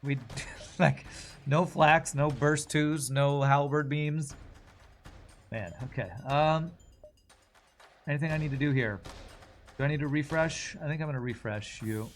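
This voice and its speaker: A man's voice: a little high, measured pace, long pauses, soft background music. A man streaming a video game, chatting casually while he plays, swearing and laughing as he goes. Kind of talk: live gameplay commentary.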